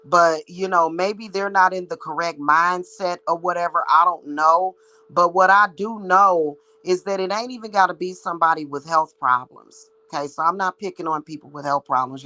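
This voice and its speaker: A woman's voice: low-pitched, bright, forceful tone, rough recording. A woman who works as a psychic reader, ranting to her viewers in a blunt, heated, profane monologue. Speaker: psychic reader and spiritual practitioner.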